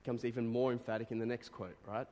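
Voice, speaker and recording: A man preaching a sermon, reading quotes aloud and breaking into animated exclamations. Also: mid-range voice, fast talker, slight background noise. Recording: long reverb of a hall.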